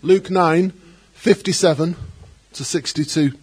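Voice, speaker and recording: Husky man preaching an animated sermon. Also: a little high, a little slow. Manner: animated, acts out quoted voices, joking asides. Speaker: pastor.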